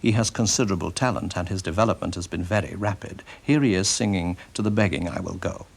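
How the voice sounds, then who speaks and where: A man presenting a radio programme in measured, critical scripted narration. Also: sits low, vocal fry, breathy edge.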